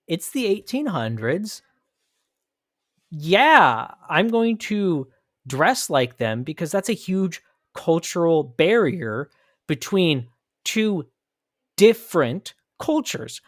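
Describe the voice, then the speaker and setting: Animated, emphatic American man podcasting. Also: fairly high pitch, no echo, studio quality. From United States. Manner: emphatic, argumentative, thinks aloud with restarts. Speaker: podcast host. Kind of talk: opinion commentary podcast.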